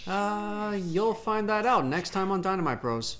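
A man's voice: high voice, lively intonation, unhurried, a bit bright, slight background noise. A man co-hosting a let's play, tossing out wry, laid-back quips. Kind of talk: casual gaming commentary.

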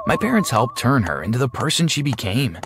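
A man narrating a scripted animated story in a wry, sardonic way. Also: mid-range voice, brisk, noisy background. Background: faint music.

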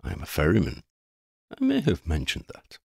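A man reading a storybook, voicing a solemn, cloaked, six-fingered ferryman with a formal, deadpan manner. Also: rumbling low, moderate pace, creaky, full character voice.

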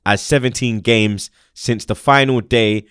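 A young man hosting a casual football chat, animated and slangy, swearing and laughing a lot. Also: mid-range voice, measured pace, smooth, no room sound, clean studio sound. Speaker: football channel host.

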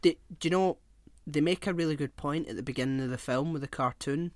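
A man's voice: fairly high pitch, fast talker, dry recording. A young man co-hosting a podcast in casual chat, rambling, laughing often and swearing offhandedly. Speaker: podcast co-host.

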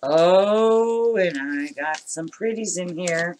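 A woman's voice: fairly low pitch, animated, slow pace, hardly any pauses, darkish tone, a little hiss or hum. A middle-aged woman chatting casually as she opens craft mail at home, gushing and laughing often. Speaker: craft vlogger opening mail. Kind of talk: casual unboxing chat.

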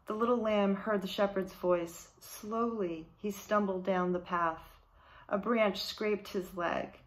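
A woman teaching in a children's ministry, reading a Bible storybook aloud to children in a slow, clear read-aloud manner. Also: mid-range voice, steady tone.

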